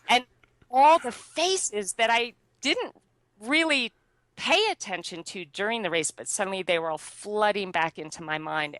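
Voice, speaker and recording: A young adult woman, a guest, telling a personal story in an animated way, laughing often and using many fillers. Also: fairly low pitch, no echo. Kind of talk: conversational storytelling.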